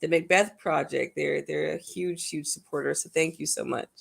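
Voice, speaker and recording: A woman co-hosting a casual live stream, giving warm thanks and short affirmations. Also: low voice, steady tone, normal speed, vocal fry, husky.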